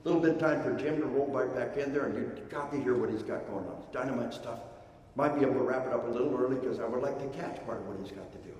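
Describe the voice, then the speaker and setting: An older man giving a live seminar lecture, leading a slow counted breathing drill in a folksy, commanding way. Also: medium pitch, a little mellow. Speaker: seminar speaker. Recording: echoey hall from far off.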